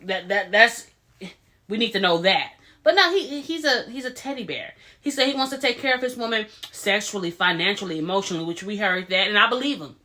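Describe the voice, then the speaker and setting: A woman's voice: mid-range voice, lively intonation, fairly quick, sharp tone. A woman giving casual, opinionated commentary as she recaps a reality TV episode, retelling scenes in quoted voices.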